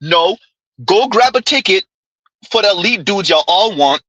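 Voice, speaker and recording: A man's voice: high-pitched, expressive, unhurried, sharp tone, dry recording, low-quality recording. A man hosting a live commentary stream, reading comments and ranting emphatically with lots of repetition. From Caribbean descent. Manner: emphatic, repeats phrases, talks to chat directly.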